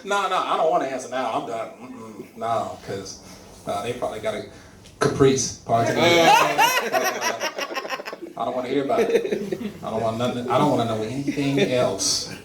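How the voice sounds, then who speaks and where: A man in his forties from Louisiana doing stand-up comedy and crowd work, animated and loud. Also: medium pitch, moderate pace, echoey room, far from the mic. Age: 40s. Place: comedy club with laughing audience.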